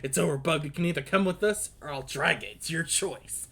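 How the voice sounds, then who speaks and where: Brief: streamer voicing a curt gruff clawed brawler, blunt and dismissive. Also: medium pitch, brisk, fairly bright tone. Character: gruff tough clawed mutant hero, male.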